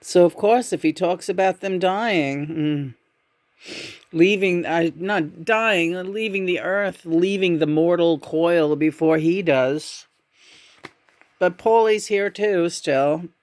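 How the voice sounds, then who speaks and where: A woman giving a casual tarot reading in a musing, meandering way, often humming softly between thoughts. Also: fairly low pitch, takes it slowly, dry recording. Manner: meandering, musing, with frequent murmured hums. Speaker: tarot reader.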